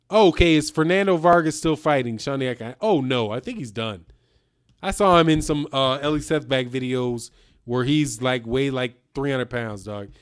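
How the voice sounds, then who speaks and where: A man's voice: mid-range voice, clear, resonant tone. A man hosting a casual live stream, talking loosely in slang, reading out viewer comments and a little tipsy from whiskey.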